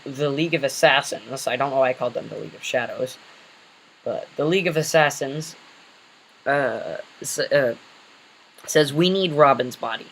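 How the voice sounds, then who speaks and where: A man's voice: on the high side, a little hiss or hum, rough recording. Rambling man retelling a made-up story. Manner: rambling, full of fillers and self-corrections. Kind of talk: casual retelling of an invented story.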